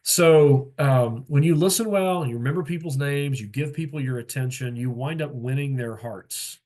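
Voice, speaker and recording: Man, pastor mentoring young pastors on a video call; middle-pitched, casual teaching tone, lots of fillers. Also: normal speed. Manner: relaxed and plain-spoken, with frequent fillers and asides. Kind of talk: conversational teaching talk.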